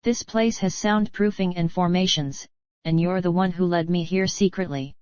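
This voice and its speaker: Woman reading a taunting young villain, low-pitched, dry recording. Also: normal speed, darkish tone, no room sound, dull audio, close to an everyday voice. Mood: gloating. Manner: mocking, taunting. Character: cruel gloating young male villain.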